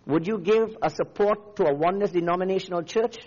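Visiting preacher from namibia, loud fiery sermon, dull recording. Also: male voice, sits high, quick pace, big-room sound. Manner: fiery, declamatory, rising and falling.

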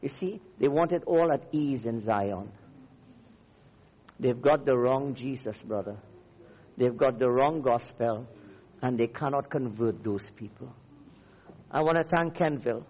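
Fiery preacher in an echoey hall. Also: male voice, mid-range voice, a little slow, pauses often, a little mellow, husky, lo-fi sound. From Namibia. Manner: fiery, declamatory, rising and falling. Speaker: visiting preacher. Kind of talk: sermon.

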